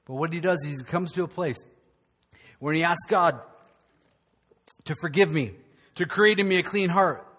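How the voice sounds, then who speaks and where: High-voiced pastor preaching. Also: male voice, normal speed, pauses often, in a large hall. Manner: lively, joking asides to the congregation. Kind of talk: sermon. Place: church sanctuary.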